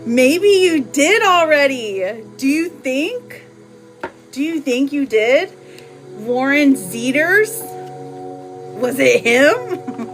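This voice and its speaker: Woman host of a live card reading, bright high voice, relaxed pace, chatty and teasing, music clearly audible underneath. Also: extremely slow, pauses often. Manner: chatty and playful, laughing often. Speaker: live tarot reader.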